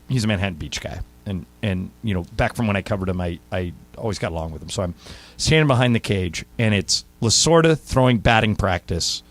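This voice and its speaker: A man hosting a sports radio show, telling anecdotes in a casual, animated way into a studio microphone. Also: lowish voice, no echo. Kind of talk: casual sports talk storytelling.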